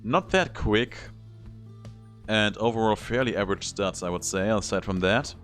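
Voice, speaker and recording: A man with a fairly low voice gives casual commentary on a game he is playing, thinking aloud as he weighs each choice. Faint music runs quietly underneath. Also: moderate pace. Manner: thinking aloud while choosing moves. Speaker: gameplay video host.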